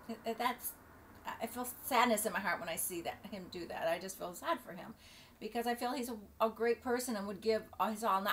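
A middle-aged woman vlogging casually, rambling and halting with many fillers and restarts. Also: medium pitch, a bit bright, a little hiss or hum. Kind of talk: casual opinion vlog. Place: at home near the beach.

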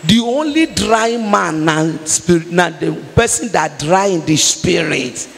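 A woman's voice: lowish voice, animated, measured pace, vocal fry. Nigerian woman evangelist, emphatic fervent sermon, long hall reverb. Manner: emphatic preaching, rising to fervent prayer.

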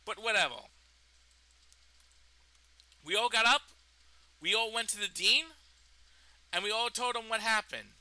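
He's a young man vlogging, angrily recounting his own story and cursing without restraint. The pace is a little slow with frequent pauses, his voice sits high with a sharp tone, and the audio is dry and low in quality.

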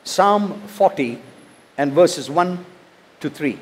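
A man's voice: fairly high pitch, animated, takes it slowly, breathy edge. A man, a pastor from India, preaching a sermon, reading scripture and asking rhetorical questions. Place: church.

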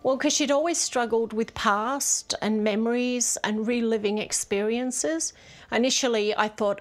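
A woman's voice: on the high side, unhurried. A woman with an Australian accent, a mother, candidly describing home life in an interview. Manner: candid, exasperated storytelling. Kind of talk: interview answers.

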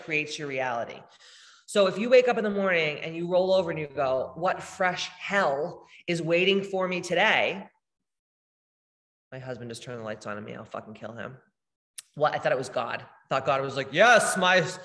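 A woman's voice: sits low, fairly bright tone, big-room sound. A woman spiritual healer hosting a live meditation, talking casually and bluntly with lots of swearing as she reads chat comments. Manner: blunt, profane, emphatic.

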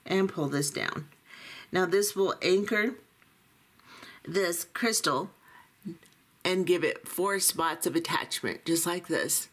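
A woman teaching a beading tutorial, calmly talking through each step as she works. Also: lowish voice, slow, long pauses. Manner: calm, methodical, talks through each step. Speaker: beading instructor.

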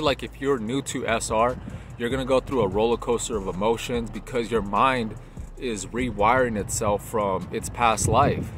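Casual male vlog host, slangy and relaxed, slightly winded, mid-pitched voice, traffic audible behind. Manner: laid-back, slangy, says "bro" and "right?" a lot. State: a little out of breath after a workout. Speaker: channel host. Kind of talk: casual vlog talk to camera. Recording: clear outdoor traffic noise.

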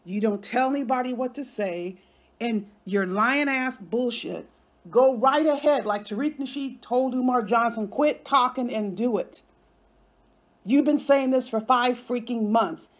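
A woman's voice: fairly high pitch, measured pace. A woman hosting an online commentary show, ranting in an indignant, confrontational way and swearing freely. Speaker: YouTube commentary host.

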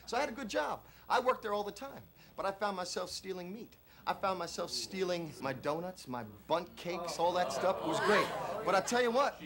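An actor playing a flamboyant middle-aged self-help guru on an infomercial, pitching in a repetitive motivational cadence. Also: male voice, fairly bright tone. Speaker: infomercial host. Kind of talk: film infomercial performance.

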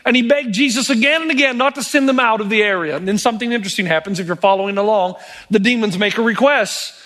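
Man, pastor, sermon delivery; higher pitch, lively storyteller who acts out quotes. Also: fast talker.

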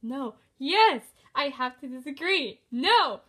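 An earnest young princess voiced by a woman insists with plenty of emotion. Her voice is very high and bright, and her pitch swings widely. It is a homemade fan movie performance. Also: lively intonation, takes it slowly, heavily acted. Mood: exasperated.

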